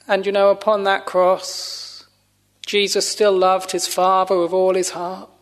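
Male preacher, high voice, unhurried and solemn, dropping to a hush now and then. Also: monotone. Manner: slow, solemn, measured preaching with long pauses. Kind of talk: sermon.

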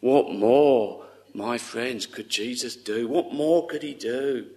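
A man delivering a sermon at an unhurried, drawn-out pace. His voice sits at an ordinary middle pitch, earnest and tender, and often falls to a soft hush. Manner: earnest, tender, slow with long pauses, often dropping to a hush. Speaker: preacher.

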